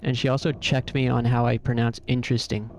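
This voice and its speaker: Gravelly-voiced man musing on a stream. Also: medium pitch, level tone, brisk, darkish tone, slight background noise. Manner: musing and curious, trying out words aloud. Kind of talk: casual chat while streaming a game.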